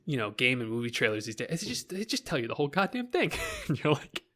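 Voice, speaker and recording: A man's voice: medium pitch, sing-song, fast, a bit bright. A Canadian man co-hosting a casual podcast, talking animatedly about games, laughing often and swearing casually. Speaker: podcast co-host. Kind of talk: casual chat.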